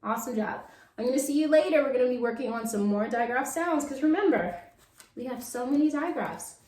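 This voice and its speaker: A woman teaching a children's phonics lesson in a playful, sing-song way, slowly sounding out letters. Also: sits high, a little mellow. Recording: echoey room.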